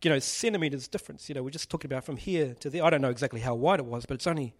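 A man's voice: mid-range voice, rapid-fire. A man preaching a casual sermon, joking and putting questions to the congregation. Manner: chatty, jokey, asks the audience questions.

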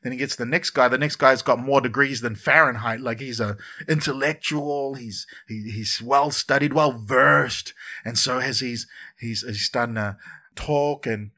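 A man preaching a sermon in church, lively and conversational, often repeating words and adding asides. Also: medium pitch, a little slow. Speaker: pastor.

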